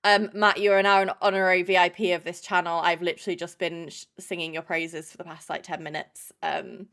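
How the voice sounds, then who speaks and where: A woman's voice: lowish voice, flat delivery, brisk, fairly bright tone. A young woman chatting casually on a live stream, swearing freely and greeting chatters by name.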